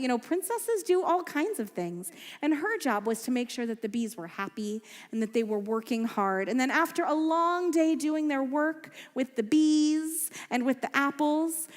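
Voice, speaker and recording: A woman telling a story to children at a family service, playful and quizzing them with questions. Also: high voice. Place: synagogue sanctuary. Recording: echoey hall with faint music.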